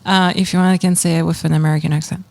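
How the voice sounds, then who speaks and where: A woman's voice: on the low side, flat delivery, rapid-fire, creaky, a little mellow, dry recording. A woman with a French accent, a cheese shop owner explaining things in a casual podcast chat and laughing easily.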